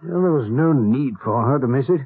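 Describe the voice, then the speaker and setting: An actor playing a pompous, stern lord of the manor in a 1970s radio drama, with a raspy, blustering voice. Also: male voice, medium pitch, expressive, brisk. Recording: lo-fi old radio broadcast.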